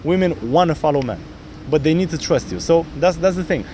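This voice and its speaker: Faint traffic hums behind a dating coach as he coaches on a city street in a fairly high voice and a fairly quick pace. Explaining his method energetically, he acts out bits of pickup lines in different voices.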